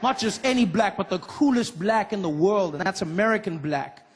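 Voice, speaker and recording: Animated man with a high voice. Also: moderate pace, husky. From South Africa. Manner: animated, acts out voices and laughs. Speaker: stand-up comedian. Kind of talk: stand-up comedy routine.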